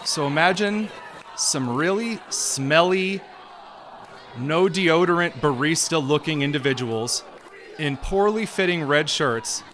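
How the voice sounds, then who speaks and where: A male host delivering opinionated political commentary in a sarcastic, mocking, rapid-fire way. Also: medium pitch, a bit bright, slight background noise.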